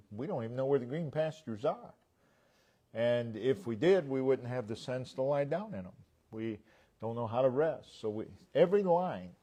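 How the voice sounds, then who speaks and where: Slow, deliberate male preacher. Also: medium pitch, dark tone. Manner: slow, deliberate delivery with strong emphasis on repeated words. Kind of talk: sermon. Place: church.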